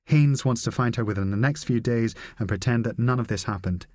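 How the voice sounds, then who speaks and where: A man's voice: mid-range voice, brisk, a little mellow, dry recording, clean studio sound, lightly acted. A man reading the part of a blunt, profane senior male spy chief in an audiobook, with a brusque, candid manner.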